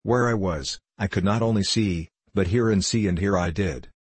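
A young prisoner recounts his boyhood, as a man reads him aloud. The voice sits very low with a husky grain, in a measured, even storytelling manner. The recording is dry and close, with no room sound. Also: no echo. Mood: grave. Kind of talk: audiobook reading.

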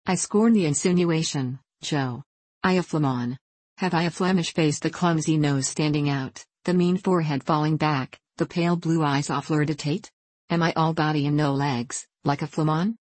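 A proud young mill owner speaks with dry irony as a woman reader voices him. Her voice stays low, recorded close with no room sound. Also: fairly even intonation, moderate pace, a little mellow, no echo, poor audio. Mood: wry. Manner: dry and ironic.

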